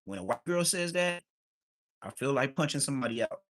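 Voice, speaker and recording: A man throws out blunt, profane reactions during a live stream. His voice is bright and cutting at a mid pitch. He talks in loose, joking banter. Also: animated, a little fast, rough recording. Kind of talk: casual reaction stream chat.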